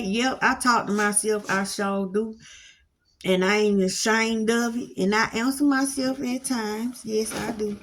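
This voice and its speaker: A woman's voice: fairly high pitch, fairly even intonation, unhurried, slight background noise. Folksy woman preaching in a drawl. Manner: folksy preacher cadence, repeats phrases, Southern vernacular. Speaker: spiritual teacher. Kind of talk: casual monologue to camera. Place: home with dogs at her feet.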